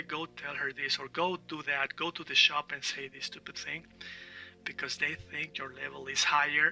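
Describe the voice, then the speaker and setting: A man teaches in a very bright, ringing voice that sits a little high for a man. He repeats words slowly to model their sound and keeps asking "all right?". He is set back from the mic, with faint music underneath. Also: far from the mic, low-quality recording. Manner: checks in often with "all right?". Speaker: language teacher. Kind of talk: online language lesson.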